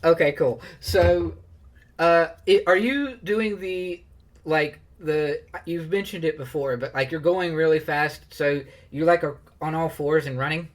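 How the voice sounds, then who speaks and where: A man's voice: on the high side, a little slow. A man narrating as game master of a tabletop game, rambling with many fillers and laughs.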